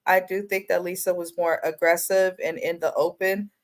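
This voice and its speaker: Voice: medium pitch, little pitch movement, moderate pace. A co-host of a casual reality TV recap, speaking in an opinionated, emphatic way. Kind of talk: casual review chat.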